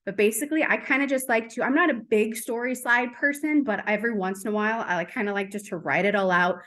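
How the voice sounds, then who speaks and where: A woman giving a casual coaching talk to her team, fast and chatty with lots of fillers. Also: fairly high pitch, a bit bright.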